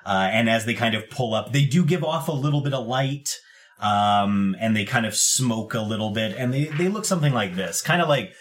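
A man runs a tabletop game, describing the scene in a loose, laid-back way. He hesitates often as he thinks. His voice sits at an ordinary middle pitch. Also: animated, moderate pace. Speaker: game master.

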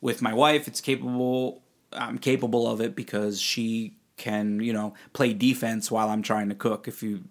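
A man's voice: fairly low pitch, fairly even intonation, moderate pace. A man co-hosting a casual podcast, joking and telling long personal anecdotes as a parent of young kids. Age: adult parent of young children. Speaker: podcast co-host and client. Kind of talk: casual chat.

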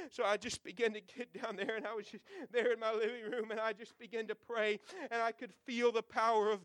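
Fervent high-voiced man preaching. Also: level tone, fairly quick, hardly any pauses, no echo. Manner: fervent, swinging from loud urging to hushed prayer. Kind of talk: sermon to young people.

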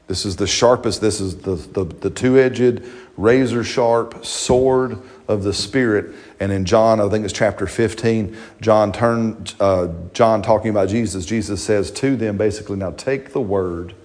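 A man's voice: on the low side, steady tone, a little slow, darkish tone. A middle-aged male pastor preaching a sermon in a conversational, joking way, often checking in with the congregation. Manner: conversational, jokey, repeats and restarts, asks the congregation questions.

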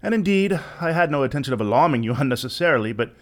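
A cold, scheming nobleman, played by a man in a dramatic reading. He speaks with measured, false concern. His lines rise and fall with a wide, expressive pitch. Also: natural voice. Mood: solicitous. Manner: smooth, falsely solicitous, measured.

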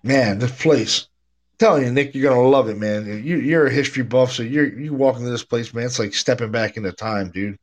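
A man hosting a casual podcast, his voice at an ordinary middle pitch. He tells ghost stories in a loose, laid-back way, with a slightly stuffy nose. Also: fairly quick. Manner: laid-back storytelling, says "man" and "dude" a lot. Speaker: podcast host, paranormal investigator. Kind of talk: casual chat.

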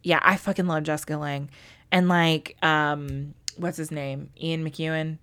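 A woman's voice: low voice, flat delivery, a little slow, a bit bright, clear, resonant tone. A young adult woman co-hosting a casual book podcast, talking emotionally and swearing freely. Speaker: podcast co-host.

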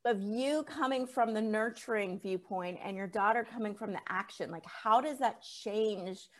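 A woman's voice: mid-range voice, moderate pace. A woman hosting a podcast interview, asking follow-up questions and summing up her guest's points in an encouraging way. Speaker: podcast host.

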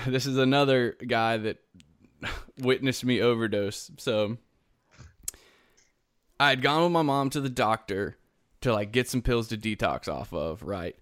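A man's voice: medium pitch, expressive, unhurried, long pauses, a bit bright, dry recording, clean studio sound. A male podcast host telling a long personal story in casual chat, self-mocking and laughing as he goes.

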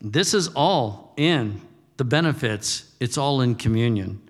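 A man's voice: mid-range voice, expressive, measured pace, in a large hall. An older man preaching a sermon as a pastor, moving between fired-up exhortation and folksy storytelling.

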